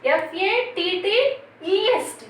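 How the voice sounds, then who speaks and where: A woman's voice: very high voice, animated, a little slow. A woman teacher, spelling words letter by letter and quizzing children in a grammar lesson. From India. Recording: very echoey room, voice from a distance, faint noise.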